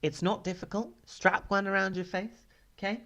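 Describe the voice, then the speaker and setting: A man's voice: sits high, level tone, moderate pace, gravelly, pushed and bright. A man co-hosting a casual podcast, ranting in an emphatic, profane way and driving his points home with a repeated "okay?". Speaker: podcast co-host.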